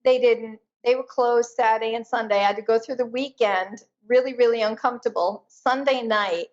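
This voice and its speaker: Woman guest, fairly high voice, emphatic storyteller, muffled lo-fi audio. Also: steady tone, normal speed. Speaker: guest, energy intuitive. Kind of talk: personal storytelling in a conversation.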